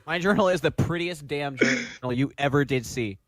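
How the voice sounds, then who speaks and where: A young man on a podcast, casually telling animated stories and mimicking people. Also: normal speed, slight background noise. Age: young adult. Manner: animated storyteller, mimics people in high voices. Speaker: podcast co-host, music student. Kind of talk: casual chat.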